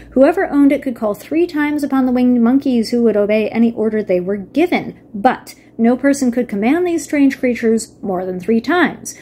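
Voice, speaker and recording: A woman's voice: high-pitched, mellow, husky. A woman casually retelling a book, reading passages aloud and adding wry asides. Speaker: video reviewer. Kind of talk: casual book-summary narration.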